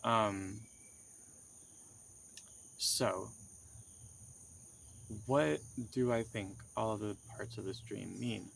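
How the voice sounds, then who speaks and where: A man's voice: fairly low pitch, very slow, vocal fry, pauses often, a little hiss or hum. A young man telling the story of a dream in a casual, rambling way, with many fillers and restarts. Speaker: vlogger recounting a dream.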